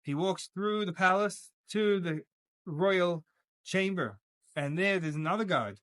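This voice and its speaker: A man giving a casual, lively religious lesson who jokes and acts out voices as he teaches. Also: high-pitched, a little slow, no echo. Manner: animated, jokey, acts out voices. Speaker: Torah teacher.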